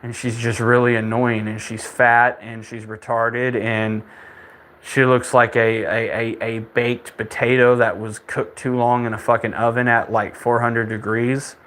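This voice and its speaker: A young male podcast host rants in a casual monologue full of swearing and open contempt, his middle-pitched voice neither deep nor high and fairly bright. Though his tone stays level and his pace measured, he rambles, stammers and restarts sentences as his anger builds.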